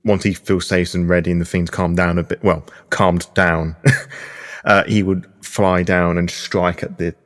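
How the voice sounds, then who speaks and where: A man's voice: low voice, flat delivery, measured pace. A man playing a tabletop game, musing and thinking aloud about his character's moves. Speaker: player.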